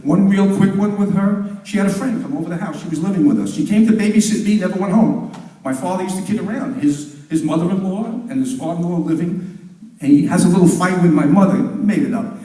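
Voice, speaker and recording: An older man, telling jokes and family stories in a chatty, animated stand-up style at a talent show. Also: sits high, fast. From Long Island, New York. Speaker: comedian. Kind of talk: stand-up storytelling. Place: library hall, talent show. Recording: roomy hall, mic far off.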